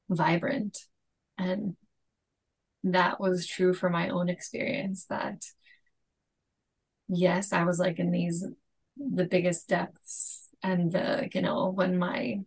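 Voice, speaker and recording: A woman hosting a reflective interview, speaking gently with affirming murmurs. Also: fairly low pitch, vocal fry, breathy edge, low-quality recording. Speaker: podcast host.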